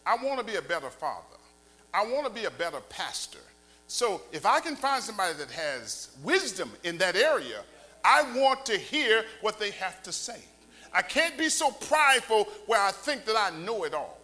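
Animated high-voiced preacher man. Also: moderate pace, rough recording. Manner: animated preaching, rising to near-shouts, colloquial. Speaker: pastor. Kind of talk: sermon. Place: church sanctuary. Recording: faint mains hum.

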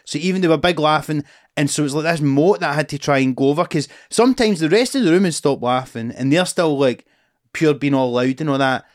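A man's voice: a little high, fast, no echo. A young Scottish man, a comedian, telling a sweary anecdote while chatting in a podcast studio. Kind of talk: casual chat, storytelling.

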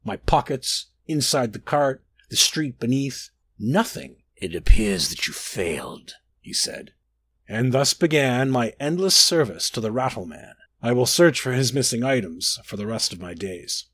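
A man reading a dark first-person fantasy story aloud, brooding and expressive with dramatic rises and drops. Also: mid-range voice, moderate pace, few pauses, no echo. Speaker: narrator.

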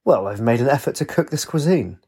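A man with a husky voice playing a terse, stoic male warrior in a storybook reading. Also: mid-range voice, lively intonation, fairly quick, mellow.

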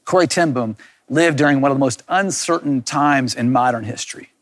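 A man's voice: medium pitch, brisk, dry recording. A middle-aged man giving an earnest, reflective sermon as a pastor, repeating key words for emphasis. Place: recorded for online viewers.

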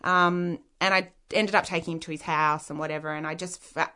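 A woman's voice: deep voice, steady tone, a little fast, sharp tone. Frank Australian woman telling her story. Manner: rambling and frank, heavy use of "like" fillers. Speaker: interview guest. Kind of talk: candid personal storytelling.

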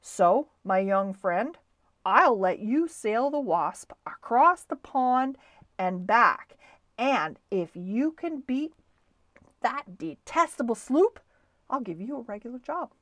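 A woman's voice: a little high, expressive, slow pace, fairly bright tone, no echo, studio quality. A woman voicing a blustery, emphatic grown man who owns a toy schooner, in a storybook reading. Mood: firm.

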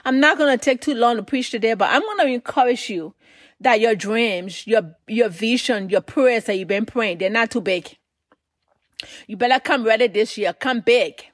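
High-voiced woman preaching, very dry sound. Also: normal speed, dry recording. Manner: storytelling with emphatic repetition. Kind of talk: sermon.

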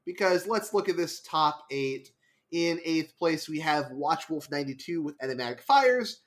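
A man hosting a casual card game podcast, animated, laughing often and quickly correcting himself. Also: fairly high pitch. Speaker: podcast host. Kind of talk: casual chat about card game results.

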